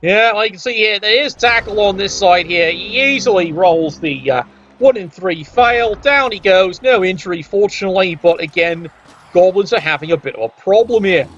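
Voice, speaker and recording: A man's voice: high-pitched, normal speed, fairly bright tone. A man doing wry, sarcastic play-by-play commentary on a tabletop sports video game. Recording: dull lo-fi audio.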